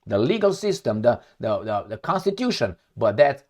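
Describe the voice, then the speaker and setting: Animated, sarcastic male commentator. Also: medium pitch, normal speed. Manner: sarcastic, scornful asides; animated, rhetorical questions. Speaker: political commentator. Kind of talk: opinionated monologue reading and reacting to news.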